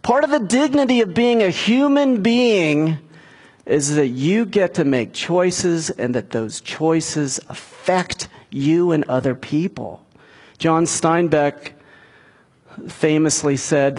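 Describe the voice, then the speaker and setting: A middle-aged man preaching a sermon, retelling a scripture story and giving the characters' lines in a raised, animated voice. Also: fairly high pitch, slow pace, slightly rough. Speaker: pastor.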